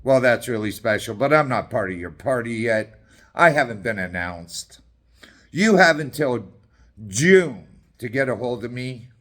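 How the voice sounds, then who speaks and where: A man's voice: medium pitch, expressive, unhurried, fairly bright tone. A middle-aged man from Canada, ranting in an angry, combative and sarcastic way as a political activist, swearing often.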